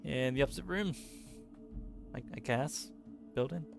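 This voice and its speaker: A man hosting a playthrough of a role-playing game, reading the on-screen text aloud. He speaks in a halting way, with plenty of ums and uhs, at an average pitch for a man. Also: vocal fry, over music. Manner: halting, many fillers, reads text aloud. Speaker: let's play host. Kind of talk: casual game playthrough narration.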